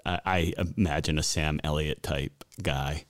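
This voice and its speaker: A man's voice: very deep voice, fairly even intonation, measured pace. A man hosting a casual comedy podcast chat, joking around and laughing easily. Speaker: podcast host.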